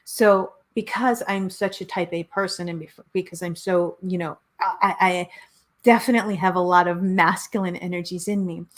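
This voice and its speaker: A middle-aged woman hosts a spiritual talk show with a somewhat low voice. She speaks earnestly and emphatically, driving points home through repeated phrases. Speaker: host, spiritual coach. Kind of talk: motivational talk show monologue.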